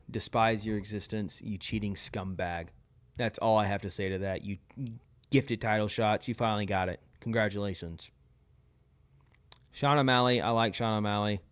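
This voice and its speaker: A young man with a low, smooth voice talks in a casual commentary style. He hands out blunt, opinionated verdicts one after another, quickly and without hedging. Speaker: tier list video host.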